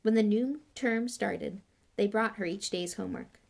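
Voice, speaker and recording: A woman's voice: medium pitch, moderate pace, vocal fry. A woman reading a novel aloud in a plain way with small slips and restarts. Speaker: audiobook reader.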